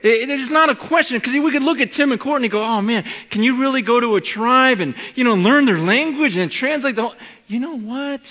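A man preaching a sermon as pastor, talking in a relaxed, conversational way and working a demonstration with a volunteer. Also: very high voice, fairly quick. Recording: dull lo-fi recording in a reverberant hall.

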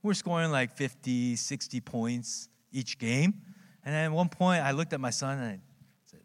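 A man in his thirties preaching a sermon as pastor, telling stories in a conversational way, with big swings in pitch and frequent tag questions. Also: normal speed. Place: church sanctuary. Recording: long hall reverb.

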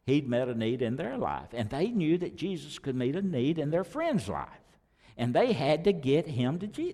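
A pastor preaching a sermon, talking conversationally with sudden loud rises and quiet drops. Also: male voice, on the high side, very animated, normal speed, big-room sound.

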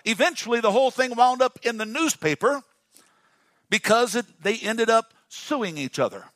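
A male pastor with a fairly high voice delivers a dynamic sermon. He calls on the congregation to say words back to him. The sound is dry and close. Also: expressive, moderate pace, a bit bright, no echo. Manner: dynamic, call-and-response with the congregation.

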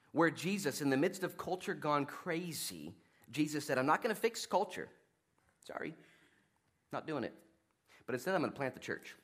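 A man preaching a sermon in a casual, conversational way, swinging between loud emphatic bursts and hushed asides, talking fast and laughing at his own jokes. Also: medium pitch. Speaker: pastor.

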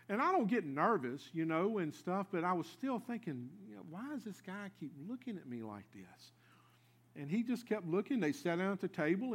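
Male preacher, folksy storyteller, slightly high voice, loud and lively one moment, hushed and earnest the next. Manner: folksy storyteller, shifts between loud lively asides and quiet earnest lows. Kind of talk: sermon with storytelling.

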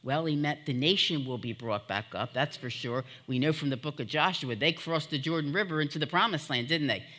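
A woman's voice: deep voice, brisk, few pauses, a bit bright. A woman preaching a sermon to her church, fervent and emotional, calling out to the congregation as she teaches from scripture.

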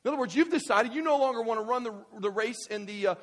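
A male pastor preaching a sermon to his congregation, conversational and animated, dropping to hushed asides and then rising to fired-up exclamations. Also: extremely high pitch, fast. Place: church hall with congregation.

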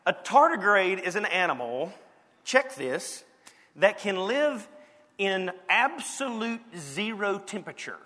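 Bright-voiced Southern preacher in a hall. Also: male voice, high voice, slow. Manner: lively, playful preaching with sudden drops to quiet. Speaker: pastor. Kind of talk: sermon.

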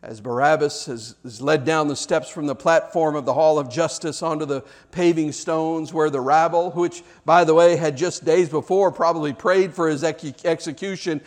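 A man preaching a sermon, telling the story dramatically, swinging from loud shouts to hushed, almost whispered lines. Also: a little high, steady tone, normal speed, hardly any pauses.

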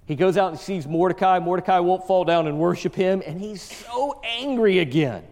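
A man preaching a sermon, reading scripture and retelling it with animated storytelling. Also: high-pitched, moderate pace, hardly any pauses. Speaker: pastor. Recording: long hall reverb.

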